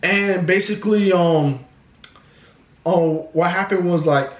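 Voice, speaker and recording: A man's voice: high voice, slow. A man telling a story in a casual, profane, filler-heavy way, filmed at home. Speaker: vlogger. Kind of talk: storytime vlog. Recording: echoey room.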